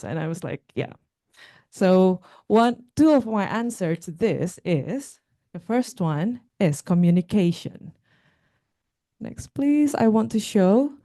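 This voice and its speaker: A young woman gives a talk with slides, speaking haltingly with fillers and restarts. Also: on the low side, dark tone. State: out of breath. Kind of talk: conference talk.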